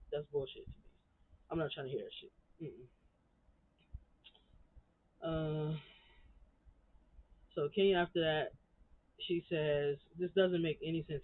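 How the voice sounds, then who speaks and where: A reality TV recap vlogger with a low, breathy-edged voice rants bluntly and heatedly about an episode, swearing constantly. It's casual ranting commentary, and the recording sounds tinny, like a phone.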